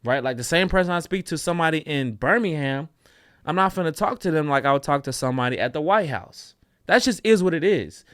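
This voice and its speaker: Animated opinionated man, dry close sound. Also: on the high side, a little fast, no room sound. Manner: animated, opinionated, slips into mocking voices. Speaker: co-host. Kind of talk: casual reaction-show chat.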